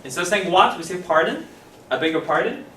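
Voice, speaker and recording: A man teaching an English class, animated, repeating phrases slowly and clearly for his students. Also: sits high, slight background noise. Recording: roomy classroom from a distance.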